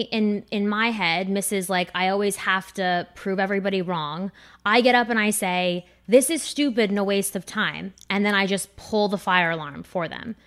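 Animated woman telling a comic story. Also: medium pitch. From New Jersey. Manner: animated, acts out quoted voices. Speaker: comedian guest. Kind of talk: casual podcast storytelling.

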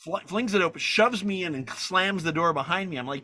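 A man with a bright, fairly high voice tells a story during a conversation. He is animated and swears freely, and he voices the other people in the anecdote as he goes. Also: brisk. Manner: animated, profane, acts out the people in his stories. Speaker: guest filmmaker.

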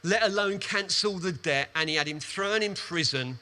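A man preaching a sermon, retelling a parable with animated, emphatic storytelling and quick repetitions. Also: sits high.

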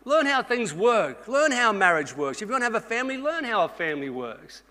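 A middle-aged Australian man preaching a sermon, energetic and conversational, speaking straight to the congregation with some humor. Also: high-pitched, fairly quick. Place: church auditorium. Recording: reverberant church hall.

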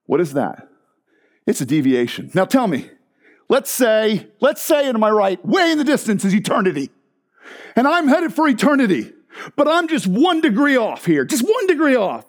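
A man preaching a sermon as pastor, animated and emphatic, with frequent restarts. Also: high voice, moderate pace.

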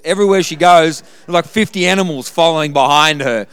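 Man, pastor, fairly high pitch, casual storytelling, frequent "listen". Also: brisk, fairly bright tone, smooth. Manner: conversational, tells a personal story with humor, often says "listen". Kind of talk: storytelling sermon.

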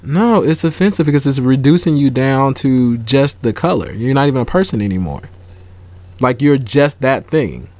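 A man's voice: medium pitch, animated, moderate pace, darkish tone, no room sound. Podcast co-host, male, mid-range voice, earnest explainer, dry close sound. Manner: earnest, explaining patiently, many restarts. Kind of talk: casual chat.

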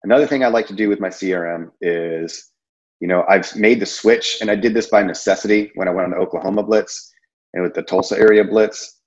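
A man's voice: on the low side, steady tone, fairly quick, muffled recording. A man giving a casual sales training talk, rambling and conversational with many fillers and restarts. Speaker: insurance sales presenter.

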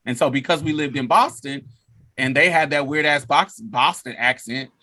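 A man in his forties telling a personal story in a casual chat, animated and laughing often. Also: medium pitch, moderate pace, over a noisy crowd. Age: 40s.

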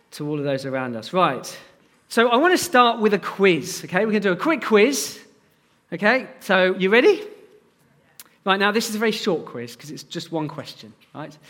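Man preaching a sermon, lively swooping delivery, high voice. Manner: animated, addresses the congregation directly. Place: church.

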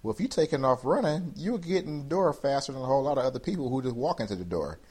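A man's voice: medium pitch, lively intonation, fast talker, a little mellow, breathy edge. A man co-hosting a podcast, telling rambling, playful stories in casual banter. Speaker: podcast co-host.

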